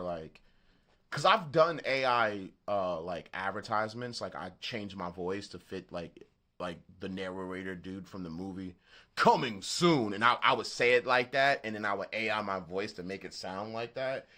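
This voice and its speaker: A man with a Southern accent hosting a beat-making livestream, chatting casually in a halting, rambling way and swearing freely. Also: lowish voice, bright, forceful tone. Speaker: beatmaker livestream host. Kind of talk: casual live-stream chat.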